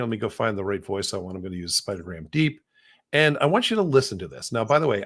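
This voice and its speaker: A man's voice: medium pitch, a bit bright. A middle-aged man hosting a podcast, explaining as he goes in a loose, rambling way with many restarts. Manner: rambling, frequent restarts and repeated words. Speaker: podcast host. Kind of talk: casual podcast demo.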